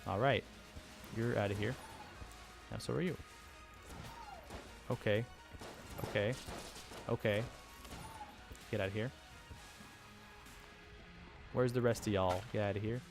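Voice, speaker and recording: A man's voice: lowish voice, fairly even intonation, slow pace, gravelly, pauses often, over music. A young man casually commenting on his own gameplay, rambling and self-deprecating, with chuckling asides. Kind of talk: casual let's-play commentary.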